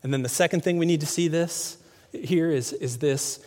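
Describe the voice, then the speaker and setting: A man's voice: on the high side, normal speed, darkish tone. A male pastor preaching a sermon in a church, conversational, often asking the congregation questions. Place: church sanctuary. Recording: long hall reverb.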